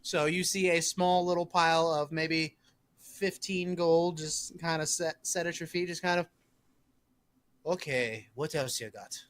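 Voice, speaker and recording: Dude running a tabletop game, kinda high voice, casual and sweary. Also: male voice, level tone, normal speed, clear, resonant tone. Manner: casual, swears, narrates crowd reactions. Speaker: game master.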